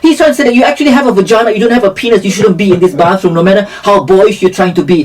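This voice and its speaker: A woman's voice: medium pitch, very fast, few pauses. A woman from Asia, a guest in an interview, candidly telling personal stories and acting out the voices in them. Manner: animated, acts out dialogue in lively voices. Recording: voice a bit far from the mic.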